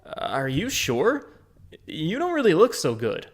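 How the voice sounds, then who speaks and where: A man's voice: on the high side, huge pitch swings, slow pace, slight background noise, exaggerated voice. A man voicing a blunt, bewildered young man in a game, talking casually with slang. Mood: concerned.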